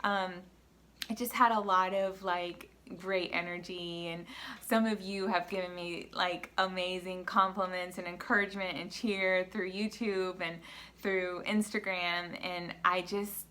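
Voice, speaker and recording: A woman's voice: fairly low pitch, steady tone, a little slow, pushed and bright. An adult woman with a school-age daughter, recapping a race in a casual personal vlog, earnest and emotional, with many fillers as she tells her story. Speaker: vlogger.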